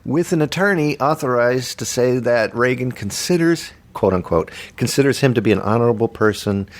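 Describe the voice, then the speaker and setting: A man's voice: medium pitch, expressive, normal speed. A man hosting a comic retro news chat, reading facts with dry jokes. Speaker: host of a retro journal show.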